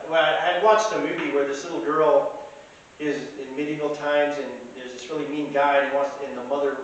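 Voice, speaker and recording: A chatty man rambling through anecdotes at an ordinary pitch. His voice sounds echoey and set back from the mic, with a faint hiss underneath. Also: far from the mic. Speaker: storyteller. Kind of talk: casual anecdote telling.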